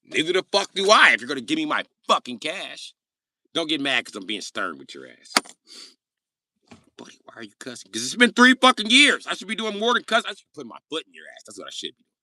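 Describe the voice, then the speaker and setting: A man putting on the voice of a loud, aggressive young man who curses while demanding money he is owed. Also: sits low, very animated, quick pace, pauses often, breathy edge, no echo, clean studio sound, distant mic, full character voice. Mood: threatening. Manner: shouting, profane, bullying.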